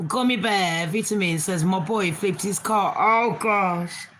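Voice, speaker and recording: Middle-aged woman streamer, frank and rambling, street slang, mid-pitched. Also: measured pace, a bit bright, a little hiss or hum. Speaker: livestream host. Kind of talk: casual live chat with viewers.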